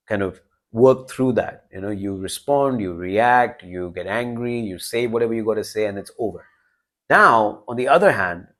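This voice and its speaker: A young adult man talking casually to camera about relationships, often checking in with "right?" and "you know". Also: lowish voice. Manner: conversational, with frequent "right?" and "you know" asides. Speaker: self-improvement video host. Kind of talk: casual direct-to-camera advice talk.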